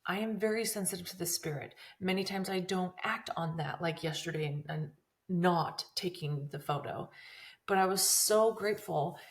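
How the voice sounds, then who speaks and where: A woman's voice: fairly low pitch, moderate pace. A woman in her thirties hosting a podcast, telling a personal story in an emotional, earnest way that rambles with many restarts. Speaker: podcast host.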